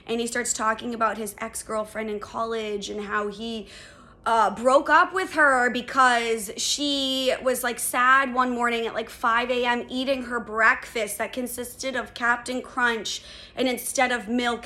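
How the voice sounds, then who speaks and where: Podcast host, young woman, bright and a bit high, casual storyteller who swears and says "like" a lot. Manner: animated, swearing, lots of "like" fillers.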